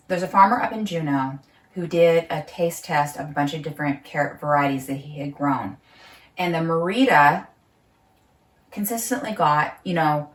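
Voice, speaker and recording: A woman vlogging from her home kitchen, thinking aloud, laughing often and talking while eating. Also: low voice. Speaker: market gardener vlogger. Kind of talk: casual home vlog. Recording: roomy sound, mic at a distance.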